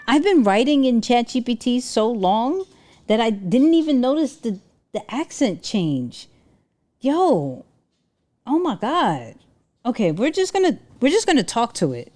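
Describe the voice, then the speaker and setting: A young adult woman hosting a casual livestream, animated and exclaiming, often restarting her sentences. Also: on the high side, measured pace. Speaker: livestream host.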